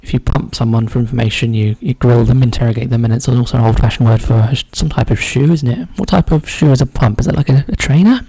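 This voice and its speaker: Gravelly man musing over puzzle clues. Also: medium pitch, quick pace, hardly any pauses, warm tone, dry recording, poor audio. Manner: musing, muttering clues half to himself. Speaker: crossword solver. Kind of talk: thinking aloud while solving a puzzle.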